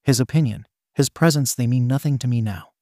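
Man voicing gentle devoted teen boy, soft murmuring delivery, dry close sound. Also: mid-range voice, a little fast, dry recording, lightly acted. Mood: tender.

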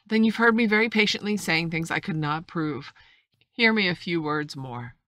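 A stern, blunt sea captain, read aloud by a woman in a low voice that sounds close and dry. He speaks in clipped, formal, firm sentences, like an audiobook officer who will not bend. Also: expressive, normal speed, a bit bright, no echo. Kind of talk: audiobook reading.

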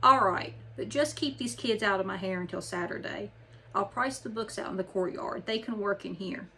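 A gruff, blunt old book appraiser who brushes off children, as a woman reads him aloud. He speaks dismissively in a middle-pitched voice. A faint noise sits under the recording. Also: normal speed, bright, forceful tone. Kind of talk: audiobook character reading.

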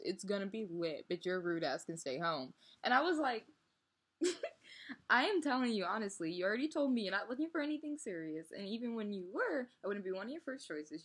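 A young woman tells a story straight to her camera, acting out both sides of an argument and laughing often. Her voice has a husky, breathy edge, and the talk runs loose and casual. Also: medium pitch. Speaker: vlogger.

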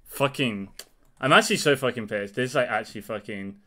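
A man's voice: medium pitch, fairly quick, pushed and bright. A man reacting live to card game news, exasperated and angry, swearing heavily. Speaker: card game content creator.

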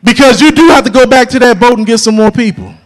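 A man preaching a sermon in a church, rising into a shouted, chanted whooping cadence and drawn-out phrasing. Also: extremely high pitch. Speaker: pastor. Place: church sanctuary.

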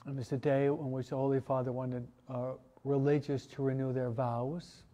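A man, a priest, teaching a parish catechesis class in a relaxed, conversational way, asking his listeners questions. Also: medium pitch, moderate pace. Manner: conversational, asks the audience questions, many restarts and asides. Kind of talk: informal parish teaching talk.

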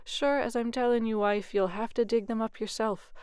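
A woman's voice: mid-range voice, lively intonation, brisk, no echo, studio quality, close to an everyday voice. A woman voicing a lazy, whining Irish peasant man in a bedtime storybook reading. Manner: whiny, dramatic.

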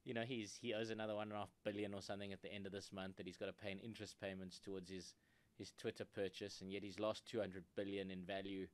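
A man co-hosting a comedy podcast, joking in a dry way and often trailing off quietly. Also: sits low, flat delivery, fast talker, clear, resonant tone. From South Africa. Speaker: podcast co-host. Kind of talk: casual comedy chat.

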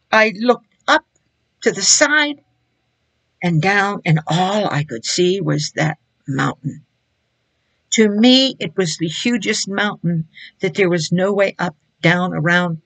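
Gravelly-voiced woman giving earnest testimony. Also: medium pitch, no echo, low-quality recording. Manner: earnest, emphatic storytelling. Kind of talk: spoken personal testimony.

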